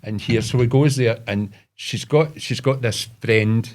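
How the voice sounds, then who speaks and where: A man's voice: medium pitch, measured pace. A Scottish man telling rambling, swearing anecdotes in casual podcast chat. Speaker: podcast co-host.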